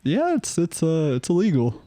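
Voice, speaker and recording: Young male co-host, easygoing banter with frequent laughs and casual swearing, dark and dry. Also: fairly high pitch, wildly swooping pitch, normal speed, no room sound. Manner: laid-back, laughs often, swears casually. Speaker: podcast co-host. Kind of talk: casual chat. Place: bedroom at his parents' house.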